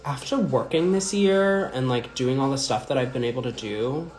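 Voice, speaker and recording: A man's voice: mid-range voice, normal speed, darkish tone. A young adult man chatting casually on a livestream as a drag performer, rambling and full of filler words while answering viewer comments. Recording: echoey room with faint music.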